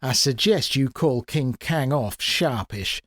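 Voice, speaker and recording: A man's voice: a little high, expressive, moderate pace, no room sound, natural voice. A man voicing a shrewd, sly old woman who talks in a folksy, blunt, knowing way. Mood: menacing. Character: shrewd old woman, sly, tough-talking, feigns frailty.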